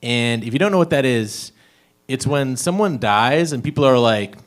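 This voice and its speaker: A young man does a stand-up set at an open mic comedy stage, speaking at normal speed in an animated, medium-pitched voice. He rambles through his jokes and laughs at his own lines.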